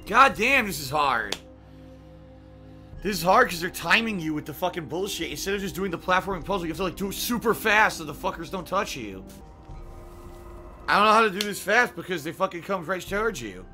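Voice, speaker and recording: A man streaming a game and commenting out loud, swearing, yelping and shouting, with sing-song asides. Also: high-pitched, big pitch swings, brisk, soft background music. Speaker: gaming streamer.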